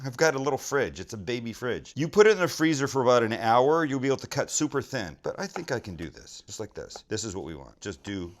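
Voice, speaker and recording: In a hotel room, a middle-aged cooking show host chats and jokes while chopping for his casual vlog. His medium-pitched voice is very animated and fast, with few pauses.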